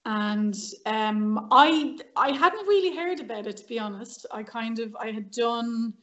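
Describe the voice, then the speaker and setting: A woman's voice: fairly high pitch, unhurried, muffled recording. An Irish woman, a guest on a podcast, telling stories in a casual chat and acting out the dialogue. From Ireland. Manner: lively storyteller who acts out quoted dialogue. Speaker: podcast guest, actress and violinist. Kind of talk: casual storytelling interview.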